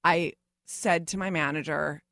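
A woman's voice: deep voice, steady tone, measured pace, fairly bright tone, dry recording. A woman guest chatting casually and wryly in a radio booth, close to a studio microphone. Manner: wry, self-deprecating. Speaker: guest, game show host.

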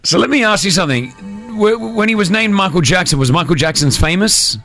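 A man hosting a breakfast radio show, reacting excitedly and firing off questions. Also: sits high, a little fast, over loud music. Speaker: radio host.

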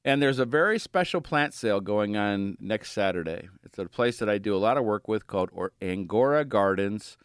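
A man's voice: on the low side, expressive, moderate pace, hardly any pauses, clear, resonant tone, dry recording. A man hosting a radio gardening show in a studio, chatty and upbeat, laughing easily between thoughts. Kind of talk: casual radio talk. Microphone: studio microphone.

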